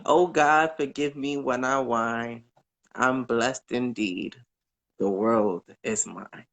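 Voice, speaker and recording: A man calling in to recite poems from memory, earnest and unhurried, pausing with fillers between verses. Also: medium pitch, fairly bright tone. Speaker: caller.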